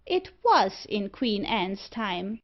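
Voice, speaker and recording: A woman voicing a meek, strange little old man who answers mildly and quietly. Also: medium pitch, very animated, slow pace, full character voice. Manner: mild and quiet. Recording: slightly dull audio.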